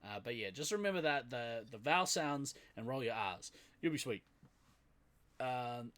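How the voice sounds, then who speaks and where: A man with a New Zealand accent co-hosts a podcast in loose, casual chat. He talks at an average pitch, laughs often and fills his pauses with "um". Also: expressive, fairly bright tone. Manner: laughs often, chatty and loose, trails off with fillers. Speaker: podcast co-host.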